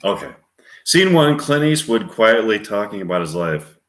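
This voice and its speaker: A man casually reading voice-acting practice scenes, musing offhand between them and trailing off quietly. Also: lowish voice, very animated, moderate pace. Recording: roomy echo.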